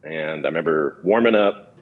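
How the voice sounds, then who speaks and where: A man in his thirties from California, a former pitcher telling stories in an easygoing interview, with many fillers and restarts. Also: lively intonation, normal speed, narrow, tinny audio. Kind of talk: relaxed storytelling interview.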